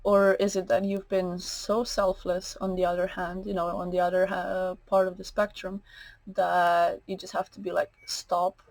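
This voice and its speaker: A woman's voice: on the low side, little pitch movement, moderate pace, darkish tone, no echo, poor audio. A woman giving a tarot card reading, slightly nasal, meandering, with many fillers and restarts. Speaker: tarot reader.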